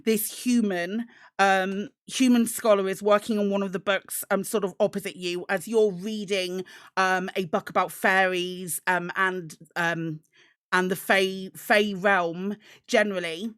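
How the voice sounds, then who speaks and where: A woman narrating as game master of a tabletop game, describing scenes with many pauses and restarts. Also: mid-range voice, fairly even intonation, a bit bright, clean tone, no room sound, clean studio sound. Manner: hesitant, many ums and restarts.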